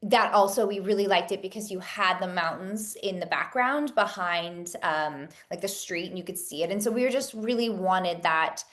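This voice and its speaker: Brief: woman, 30s, lowish voice, rambling interview guest with fillers and restarts. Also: moderate pace, hardly any pauses, fairly bright tone. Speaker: actress and producer, guest. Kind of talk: casual interview chat.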